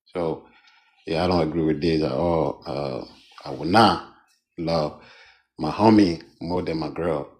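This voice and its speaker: Low-voiced man, casual panelist, stumbling through his point. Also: a little mellow, poor audio. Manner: halting, many fillers. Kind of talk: casual live discussion.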